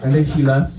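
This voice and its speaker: Lively Romanian-born comic in an echoey club. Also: male voice, extremely high pitch. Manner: laughs often at his own jokes, dry asides. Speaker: stand-up comedian. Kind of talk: stand-up routine. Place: comedy club.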